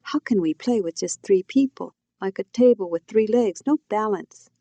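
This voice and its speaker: A woman's voice: medium pitch, animated, a little fast, dark tone, dry recording, close to an everyday voice. A woman voicing a stern, disapproving older aunt who talks in curt, scolding phrases.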